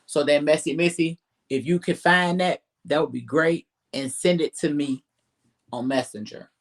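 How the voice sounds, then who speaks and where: A man's voice: on the high side, normal speed. A man co-hosting a casual live stream, talking bluntly and emphatically with heavy profanity.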